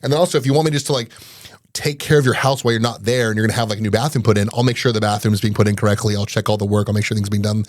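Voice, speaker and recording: A man in his forties talks quickly and with lots of energy, telling stories as a podcast guest. He slips into little voices for the people he quotes. The sound is close and dry, with no room echo. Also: fairly low pitch. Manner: fast, animated, acts out quoted dialogue. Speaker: guest, business owner. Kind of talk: casual storytelling in an interview.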